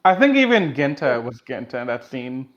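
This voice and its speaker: Podcast cohost cracking jokes, mid pitch, kinda muffled lo-fi mic. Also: sing-song, normal speed. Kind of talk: casual podcast chat.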